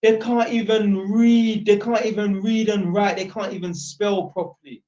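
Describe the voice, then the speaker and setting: A man's voice: sits high, flat delivery, normal speed, mellow, roomy sound, recorded from a distance, voice pushed up, close to an everyday voice. A man imitating an older Jamaican grandmother in an put-on Jamaican accent, scolding with pity. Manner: tut-tutting, pitying. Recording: dull lo-fi sound.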